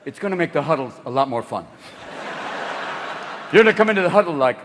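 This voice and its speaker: A man in his sixties doing a stand-up comedy routine on a theater stage, manic and profane, leaping into voices and shouted bursts. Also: on the high side, animated, quick pace, long pauses, noisy background. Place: theater stage with live audience. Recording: reverberant hall, live audience.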